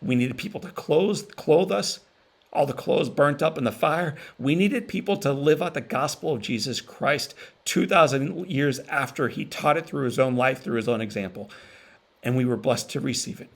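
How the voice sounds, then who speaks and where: A man giving an emotional inspirational keynote, telling a personal story with pauses and repeated phrases for emphasis. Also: mid-range voice, vocal fry. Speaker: motivational speaker. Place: virtual event stream.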